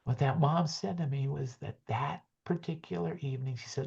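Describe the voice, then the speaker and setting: Low mellow guy wrapping up a webinar, husky, earnest, kinda dull muffled audio. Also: moderate pace, hardly any pauses. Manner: earnest, gentle storytelling with soft hushed passages. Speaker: webinar presenter. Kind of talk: heartfelt closing talk with a story.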